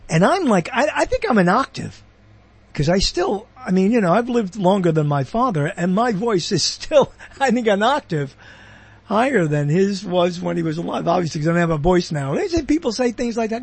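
Gravelly with a breathy edge, this man's high voice is animated and moves at normal speed. Hosting a show, he talks in a digressive, chatty way, breaking off his own rambling monologue for asides.

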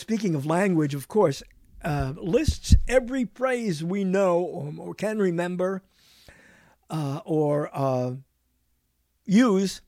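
A man's voice: high voice, dark tone, no room sound. A man hosting a radio talk show in a studio, rambling playfully from one bit of wordplay to the next with chuckles.

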